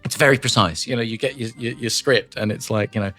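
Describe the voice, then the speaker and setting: A man, a voice actor interviewed as a guest, telling lively stories with laughs and quick character voices. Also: mid-range voice, faint music behind. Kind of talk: animated interview anecdotes.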